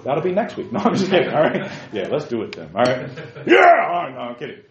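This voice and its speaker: A man hosting casual opinion talk, emphatic, swinging from quiet explaining to loud bursts. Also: a little high, huge pitch swings, fairly quick, a loud crowd. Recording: roomy, dull lo-fi sound.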